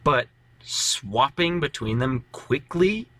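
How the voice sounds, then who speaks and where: A man's voice: mid-range voice, animated, slow pace, pushed and bright, dry recording. A man co-hosting a casual podcast about tabletop role-play, rambling animatedly with lots of fillers. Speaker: podcast co-host, tabletop player.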